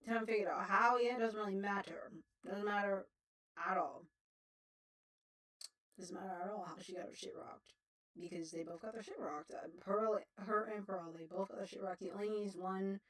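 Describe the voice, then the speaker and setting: A woman's voice: medium pitch, steady tone, moderate pace, fairly bright tone. Woman streamer, loose profane rambling chat, slightly distant mic. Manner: rambling, profane, laughing often. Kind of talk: casual livestream chat.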